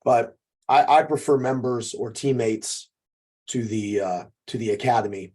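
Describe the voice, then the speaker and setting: A man's voice: medium pitch, measured pace, a little mellow. A man co-hosting a podcast as a jiu-jitsu coach, giving an emphatic, profane motivational talk that keeps checking in with "okay".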